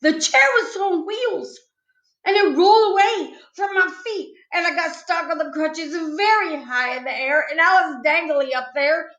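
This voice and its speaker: A woman's voice: extremely high pitch, a little slow, fairly bright tone. A woman reading a children's book aloud with a playful storytelling manner. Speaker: storytime reader. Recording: echoey room, slightly dull sound.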